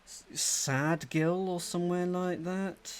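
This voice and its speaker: A man's voice: high voice, steady tone, slow pace. A man hosting a let's play, thinking aloud, muttering to himself and reading out game text. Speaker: gaming channel host.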